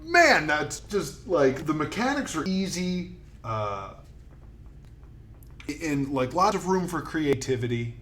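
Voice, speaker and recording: A man talks his way through a tabletop role-playing game at an unhurried pace. He hesitates and restarts a lot, and there is a faint hiss of noise behind him. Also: on the high side, very animated, a bit bright. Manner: halting, many fillers and restarts. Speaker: player and host. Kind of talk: casual tabletop role-play.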